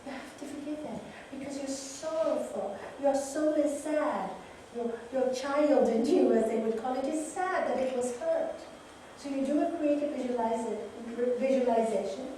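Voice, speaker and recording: Woman yoga teacher, kinda high voice, telling stories, echoey room, faint background hum. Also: a little slow, warm tone. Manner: storytelling, acts out voices in her tales. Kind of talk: spiritual talk with told parables. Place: venue in a retreat. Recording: roomy echo from a distant mic, faint ambience.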